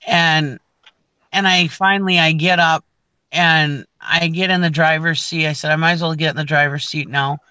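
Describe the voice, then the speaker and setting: A woman's voice: low-pitched, fairly even intonation, moderate pace, sharp tone, smooth, no room sound. A middle-aged woman co-hosting a casual morning show, telling a long story with lots of restarts. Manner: rambling storyteller, frequent restarts. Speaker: co-host. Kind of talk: casual chat.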